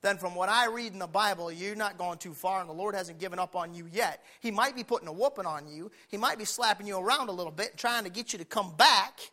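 A male pastor delivers a fiery sermon. His voice sits high and sounds bright and forceful. He drops to quiet talk, then climbs into shouting. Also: quick pace, hardly any pauses.

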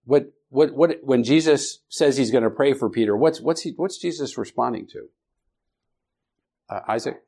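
A man teaching a Bible study class, speaking haltingly with many restarts and questions to the students. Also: medium pitch, vocal fry, warm tone, breathy edge.

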